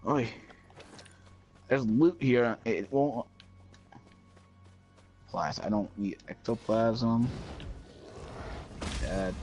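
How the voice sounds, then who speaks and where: A man's voice: mid-range voice, very slow, pauses often, a little mellow, soft background music, poor audio. A man streaming a game, chatting casually and telling goofy, joking stories. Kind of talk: casual gaming stream chat.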